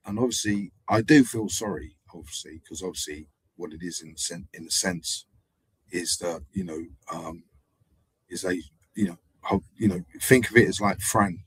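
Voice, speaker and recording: A man drifts through a meandering live-stream monologue, circling back and repeating himself. His voice sits low and has a husky edge. The sound is dry and close. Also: moderate pace, no room sound, low-quality recording. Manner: digressive, hesitant, repeats himself. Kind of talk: rambling casual monologue.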